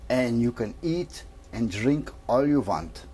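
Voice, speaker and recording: A man voicing a Frenchman from Paris who praises his little cafe in a relaxed way. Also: mid-range voice, slow pace, a little hiss or hum. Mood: content.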